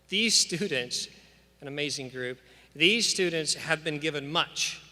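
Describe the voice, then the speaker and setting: Speaking to graduates in a big church, a school official gives an earnest, emphatic commencement address drawing on scripture. His slightly high voice sounds pushed and bright, with a preacherly cadence, and the hall adds long reverb.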